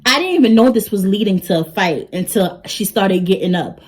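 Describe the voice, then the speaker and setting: A young woman telling a story to her vlog audience in an animated way. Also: medium pitch, a little fast, low-quality recording. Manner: animated, talks straight to the audience. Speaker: vlogger.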